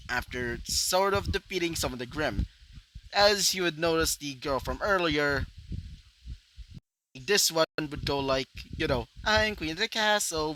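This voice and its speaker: Rambling male storyteller, bright lively voice. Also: on the high side, slight background noise, rough recording. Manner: rambling, full of "you know" fillers. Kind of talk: improvised fan-fiction narration.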